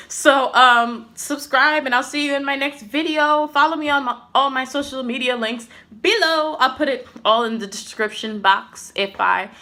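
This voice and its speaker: A young woman chats through a casual storytime for her vlog, full of fillers and animated swings between exasperation and laughter. Her voice is bright and forward, sitting a little high for a woman. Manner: chatty, filler-heavy with many "like"s and "literally"s. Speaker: vlogger.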